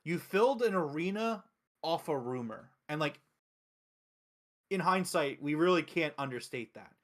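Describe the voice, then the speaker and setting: A man hosting a wrestling review show in casual chat, excitable and profane, retelling events with quick acted quotes. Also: on the high side.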